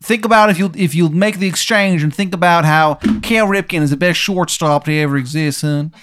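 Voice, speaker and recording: A man's voice: fairly quick, fairly bright tone, natural voice. A man voicing a shady stranger with a terrible, gurgling Baltimore accent in a tabletop game. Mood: wheedling. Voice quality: gurgling, exaggerated accent, high-pitched.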